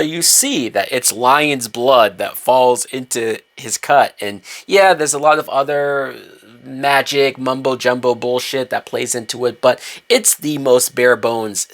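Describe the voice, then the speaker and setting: A man ranting in a movie review, heated and profane, with emphatic swings in pitch and loudness.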